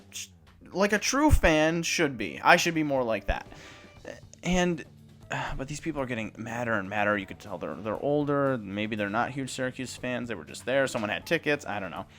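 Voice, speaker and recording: A man's voice: mid-range voice, lively intonation, normal speed, fairly bright tone, soft background music. A young man hosting a sports report, telling an awkward story in a rambling, self-conscious way with many restarts, then reading the news.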